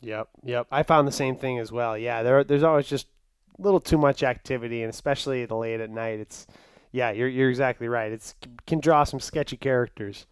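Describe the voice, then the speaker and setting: A man's voice: medium pitch, a little fast, clear, resonant tone, no room sound. A man hosting a podcast interview, answering his guest with short, agreeing replies. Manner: brief encouraging backchannel replies. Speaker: podcast host.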